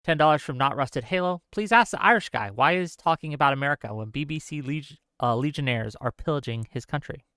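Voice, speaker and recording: Smooth-voiced man reading donations. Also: on the high side, animated, sharp tone, no echo, clean studio sound. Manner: reads paid messages aloud in a brisk run. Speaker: stream host reading donations. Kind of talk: casual live-stream chat.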